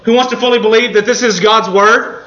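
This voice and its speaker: A man preaching a sermon, telling the story in an earnest way and pausing for emphasis. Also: high-pitched, steady tone, bright, forceful tone, highs cut off.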